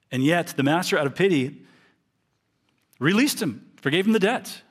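A man's voice: fairly high pitch, lively intonation, fairly quick. Earnest man preaching a sermon. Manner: earnest, reads scripture aloud then explains it.

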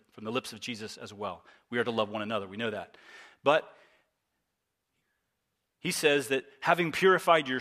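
Bright-voiced man preaching a sermon. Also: mid-range voice. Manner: earnest, emphatic preaching with repetition. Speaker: pastor.

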